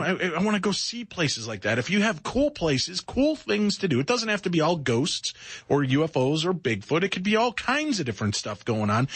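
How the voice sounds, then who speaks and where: A man co-hosting a radio talk show, joking and animated in casual banter. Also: high voice, no room sound. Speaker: radio co-host.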